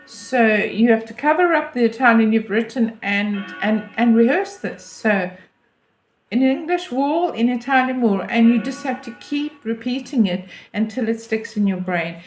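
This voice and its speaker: A woman's voice: on the high side, animated, normal speed, soft background music. A woman in her fifties, a relocation consultant, giving chatty, emphatic and self-deprecating advice to camera. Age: 50s. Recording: echoey room.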